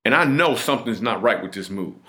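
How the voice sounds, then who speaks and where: Brief: middle-aged comedian guest, fairly low voice, earnest storyteller who restarts and repeats mid-sentence. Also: male voice, expressive, brisk, bright, forceful tone. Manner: earnest and vivid, with frequent restarts and repetitions. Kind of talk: personal storytelling in a podcast interview.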